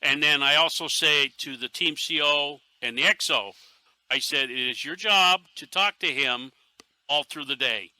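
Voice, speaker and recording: A middle-aged man from Northeastern Pennsylvania, a podcast guest who tells stories in a casual, animated way and acts out quotes. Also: on the high side, normal speed, no echo. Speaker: podcast guest, airsoft team leader.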